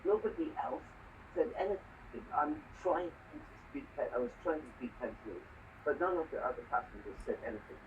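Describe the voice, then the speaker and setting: A man's voice: a little high, animated, brisk. A man in casual conversation, telling a story in an earnest way and often adding "you know". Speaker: conversation partner. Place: lives in Hong Kong. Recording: distant, muffled, faint background noise.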